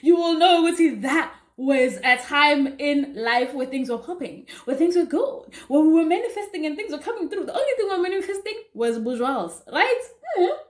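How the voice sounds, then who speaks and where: A young South African woman telling a casual storytime, chatty and animated, with asides to her viewers. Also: high voice, normal speed, hardly any pauses. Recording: roomy echo.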